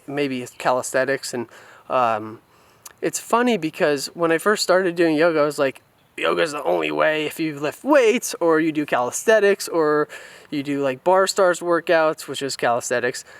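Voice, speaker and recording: Candid young man with a clear voice. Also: fairly high pitch, no echo. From California, USA. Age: young adult. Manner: reflective, open and unguarded. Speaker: vlogger. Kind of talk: candid personal storytelling. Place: outdoors on a rural family property. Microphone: camera mic on a handheld tripod.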